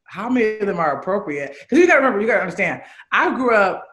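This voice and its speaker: A woman in her thirties, raised in Chicago, speaks as a guest in a relaxed interview. Her voice is bright and forceful, and she talks with open, animated candor, swearing without a second thought. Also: medium pitch, fast talker. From Chicago, USA. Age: 30s. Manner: candid, animated, swears freely. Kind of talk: casual interview chat.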